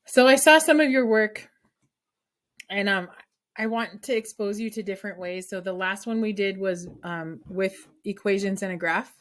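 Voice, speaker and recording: A woman teaches a math class in a lively, chatty way. She explains each step aloud and keeps checking in with the students. Her voice sits at an everyday middle pitch. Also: moderate pace. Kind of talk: classroom lesson.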